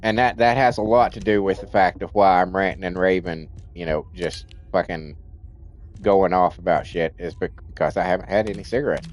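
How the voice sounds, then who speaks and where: A man's voice: sits low, fairly even intonation, fairly quick. A man streaming a game, venting in a rambling rant full of restarts and swearing, and in nicotine withdrawal. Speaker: livestream gamer.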